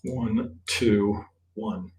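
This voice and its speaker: A man teaching trading in a live-stream chart review, thinking aloud in a blunt, profane way and tagging his points with a quick "right?". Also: lowish voice, a little mellow, a little hiss or hum. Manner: thinks aloud, counts waves, restarts often. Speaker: trading instructor.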